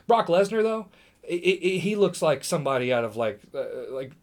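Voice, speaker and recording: Man from Indiana, podcast co-host, slightly high voice, animated casual storyteller who trips over his own sentences. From Indiana, USA. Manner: animated, talks fast in bursts, often restarts mid-sentence.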